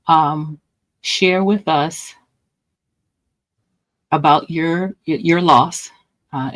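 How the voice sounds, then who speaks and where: A woman hosting a podcast, who opens calmly and invites her guest to share her story. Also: deep voice, rough recording. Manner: calm, unhurried, with some restarts. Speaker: podcast host.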